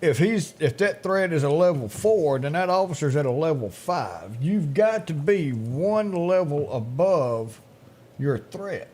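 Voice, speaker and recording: A man's voice: fairly high pitch, expressive, unhurried, a little mellow, slightly rough. A man co-hosting a local news talk show, telling drawling stories and laughing often. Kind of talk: casual news chat.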